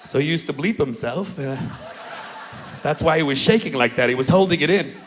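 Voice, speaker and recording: A young man doing a stand-up comedy set on a club stage, talking animatedly and shouting out impressions of his family. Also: a little high, brisk, a little hiss or hum. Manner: animated, shouts and mimics family members in punchlines.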